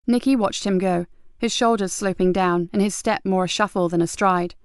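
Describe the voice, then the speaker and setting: A woman reading a crime novel aloud as audiobook narrator, even and clear. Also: medium pitch, normal speed, no echo, clean studio sound. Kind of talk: scripted narration.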